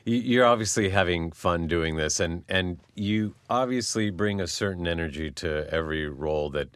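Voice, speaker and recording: A man with a very deep voice hosts a casual interview, encouraging his guest and prompting him with questions. The sound is dry and close, with no room around it. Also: normal speed, fairly bright tone, clear, resonant tone, no room sound. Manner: encouraging, with short affirming interjections. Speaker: interview host.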